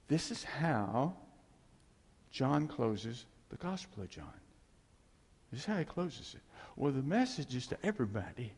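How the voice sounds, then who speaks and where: Gravelly man teaching scripture in a hall. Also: medium pitch, a little mellow. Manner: conversational, acts out scenes, laughs often. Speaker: Bible teacher. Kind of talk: informal Bible teaching.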